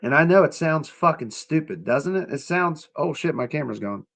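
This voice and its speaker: A man's voice: on the high side, animated, normal speed, creaky, fairly bright tone. A young man hosting a casual livestream, sarcastic and profane, talking straight to his chat. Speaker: livestream host.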